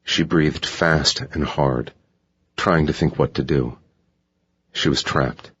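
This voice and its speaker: A man narrating a thriller audiobook in a steady, measured reading. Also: extremely low pitch, husky. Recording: dull lo-fi audiobook recording.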